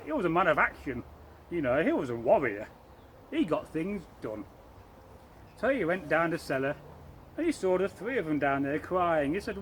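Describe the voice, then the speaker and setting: A man telling an old folktale aloud to listeners, lively and rambling, correcting himself as he goes. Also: on the high side, moderate pace, slight background noise, low-quality recording. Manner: speaks to listeners, points to props. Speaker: storyteller. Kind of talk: live oral folktale telling.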